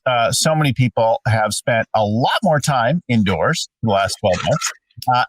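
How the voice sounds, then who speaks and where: A man in a relaxed discussion who tells examples with animated rises and falls. He sits a little distant from the microphone. The sound is dry. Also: medium pitch, no room sound. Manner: animated storyteller, asks questions. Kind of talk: conversational leadership talk.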